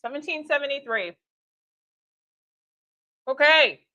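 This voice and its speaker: A woman's voice: sits high, animated, slow pace, bright, forceful tone, no echo. Chatty woman hosting a lo-fi live stream. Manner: chatty and upbeat, with fillers and laughs. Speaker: tea shop host. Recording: dull lo-fi stream audio.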